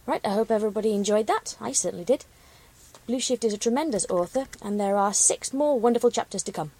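Husky woman reading a story aloud. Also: mid-range voice, fast, rough recording. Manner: expressive, dramatic reading. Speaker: story reader, show host. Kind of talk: storybook narration.

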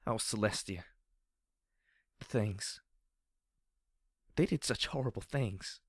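A man voicing a fragile young female pegasus soldier, speaking in a soft, buzzing drawl that turns shaky and halting. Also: on the low side, slightly rough, dry recording, studio quality, voice pushed up. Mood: shaky, distressed. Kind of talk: audiobook character reading.

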